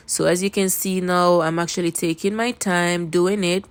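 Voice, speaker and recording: A woman's voice: on the low side, steady tone, moderate pace, smooth. A woman with a Jamaican accent talking casually through a makeup tutorial into a phone camera, chatty and repeating words for emphasis. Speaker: makeup vlogger.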